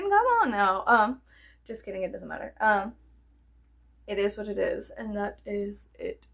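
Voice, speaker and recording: A young woman vlogger with a fairly high, creaky voice and a breathy edge chats casually to her viewers. She's playful and swears a lot, dropping to near whispers and then jumping to sudden squeals as she rambles to the camera.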